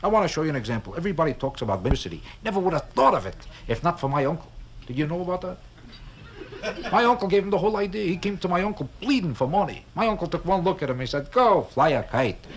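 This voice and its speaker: A man's voice: high-pitched, very animated, very fast. A man performing a live stand-up routine as a comedian, talking in a wry, kvetching way and firing off rhetorical questions from a stage. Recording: crackly old vinyl record with clicks.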